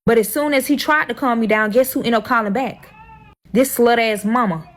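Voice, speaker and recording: A woman's voice: on the high side, fairly quick. A woman telling her own drama story in a heated, profane, emotional storytime vlog.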